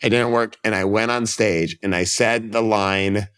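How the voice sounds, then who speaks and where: Chatty rambling man, lowish voice. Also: steady tone, a little slow, fairly bright tone, smooth. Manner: rambling storyteller, restarts, acts out quotes. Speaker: comedian guest. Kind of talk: casual podcast chat.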